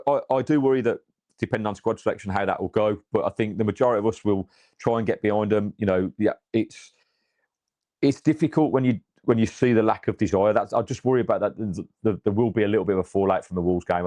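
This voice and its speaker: A lowish, mellow male voice on a dry recording belongs to an English podcast co-host. He chats loosely about his football club, often restarting and using fillers.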